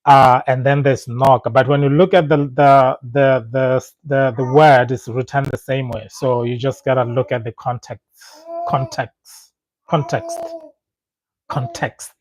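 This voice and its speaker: Setswana speaker, relaxed livestream host, mid-pitched voice, dry close sound. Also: moderate pace, few pauses, no echo, low-quality recording. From Botswana. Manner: chatty and reassuring, thinks aloud. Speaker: language channel host. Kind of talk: casual livestream chat.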